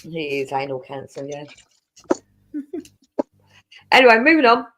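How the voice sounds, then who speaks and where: A woman's voice: sits low, sing-song, measured pace, fairly bright tone, slight background noise. A woman co-hosting a casual chat, teasing the others and giggling through her banter.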